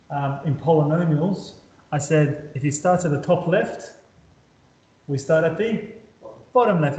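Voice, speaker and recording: A man's voice: fairly high pitch, a little mellow, echoey room, lo-fi sound. A man teaching a maths lesson at a whiteboard, upbeat, often checking that his students follow. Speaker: maths tutor.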